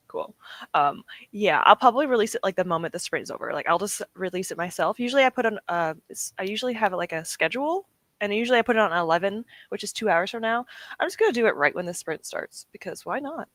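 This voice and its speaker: With no room sound in the recording, a livestream host chats casually and puts herself down as she responds to viewers. She's emotional, close to tears and has a sore throat. Her voice is mid-range and fairly bright.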